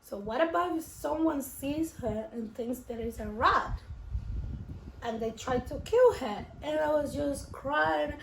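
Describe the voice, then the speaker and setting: A woman's voice: high voice, animated, measured pace, gravelly. A young woman vlogger telling a personal story at home in a rambling, emotional way, full of fillers and restarts. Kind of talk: casual storytelling while eating. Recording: roomy room with faint noise.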